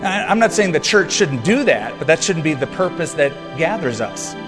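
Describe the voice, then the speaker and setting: A man's voice: fairly high pitch, very animated, moderate pace, music in the background. Earnest preaching man, hall reverb. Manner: earnest, emphatic preaching with asides. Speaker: pastor. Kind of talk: sermon.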